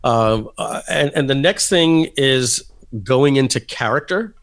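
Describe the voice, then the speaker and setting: A man telling stories as a podcast guest, lively, and acting out the people in them. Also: medium pitch, measured pace. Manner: animated storyteller, acting out voices. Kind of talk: casual storytelling interview.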